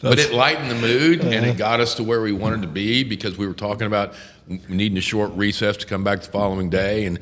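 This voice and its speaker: A low-voiced older man with a drawl spins courtroom war stories, swearing freely and breaking into laughter. His voice rings with a long reverb from the room. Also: fairly even intonation, brisk, fairly bright tone. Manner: profane, laughing, acts out quotes. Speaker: podcast host, defense attorney. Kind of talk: casual storytelling chat.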